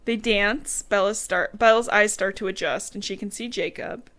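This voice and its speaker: A woman's voice: mid-range voice, normal speed, a bit bright. A woman co-hosting a podcast, recapping a book in casual chat full of "like" and blunt swearing. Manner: chatty, sweary, full of "like" and quoted asides. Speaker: podcast co-host.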